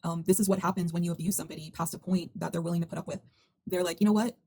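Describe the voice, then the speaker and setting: A woman in her thirties talks through a music video in a casual, emphatic commentary. Her voice sits low and sounds mellow and warm. She speaks quickly, with fillers and restarts as her thoughts run on. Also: little pitch movement, husky. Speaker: video essay host.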